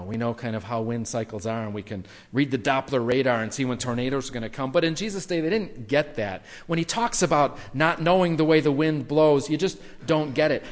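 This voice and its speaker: A man preaching in a casual, animated way, his slightly high voice carrying through a hall with a long reverb. He talks with the congregation and acts out the quotes he tells. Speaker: pastor. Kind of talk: sermon.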